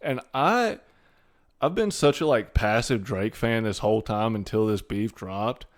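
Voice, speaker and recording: A man's voice: fairly low pitch, lively intonation, measured pace. A young man co-hosting a podcast in casual chat, laid-back, slangy and profane. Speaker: podcast co-host.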